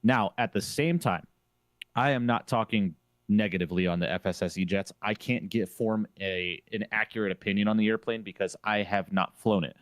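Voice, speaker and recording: Emphatic low-voiced man, dry close sound. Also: normal speed, no room sound. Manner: emphatic, opinionated, repeats phrases for emphasis. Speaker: flight sim streamer on a panel. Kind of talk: casual panel discussion.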